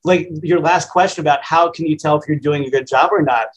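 A man's voice: on the high side, a little fast, low-quality recording. Plainspoken radio man in his fifties. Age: 50s. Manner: plainspoken, conversational, self-deprecating. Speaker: radio host. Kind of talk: casual interview answers.

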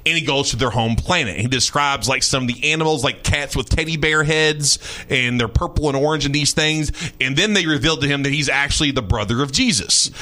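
A man hosting a talk radio show, telling a strange story in an animated, mocking way and often repeating his words. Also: mid-range voice, fairly quick, few pauses. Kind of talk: casual storytelling chat.

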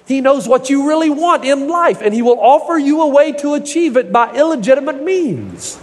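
Very high-pitched and sing-song, this middle-aged pastor delivers his sermon at a moderate pace. He tells folksy tales with humor and drives toward emphatic points, all in echoey hall reverb.

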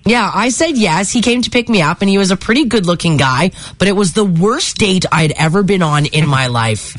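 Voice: medium pitch, expressive, moderate pace, a bit bright. A radio co-host chatting on air and reading listener stories aloud. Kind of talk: call-in radio banter.

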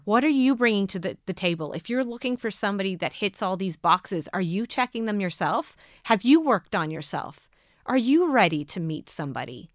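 A woman's voice: mid-range voice, clear, resonant tone, dry recording, clean studio sound. A woman hosting a podcast, giving earnest coaching on manifesting love and asking listeners many questions. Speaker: podcast host.

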